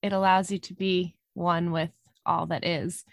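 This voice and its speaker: A woman co-hosting a podcast, speaking thoughtfully in a relaxed conversation and laughing easily. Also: on the low side, a little slow, gravelly, dry recording, studio quality. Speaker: podcast co-host. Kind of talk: casual reflective conversation.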